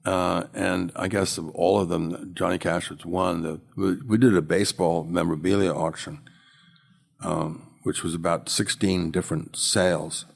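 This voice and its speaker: Older guy with a real low gravelly voice spinning auction stories, acts out the quotes. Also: moderate pace. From United States. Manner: animated storyteller, acts out quotes. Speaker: guest, former auctioneer. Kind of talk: anecdotal storytelling interview.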